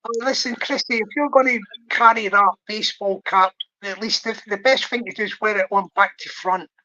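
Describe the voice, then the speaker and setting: A man's voice: sits high, steady tone, fairly quick, pushed and bright. A man hosting a casual livestream, talking in a hesitant, rambling way with many restarts. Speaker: livestream host. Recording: dry lo-fi stream audio.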